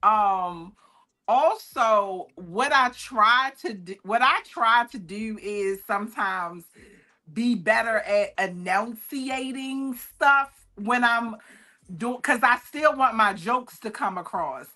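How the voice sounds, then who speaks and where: A woman comedian with a Baltimore accent, chatting in a lively, expressive way. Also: on the high side, slow pace. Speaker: comedian, guest. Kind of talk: casual livestream chat.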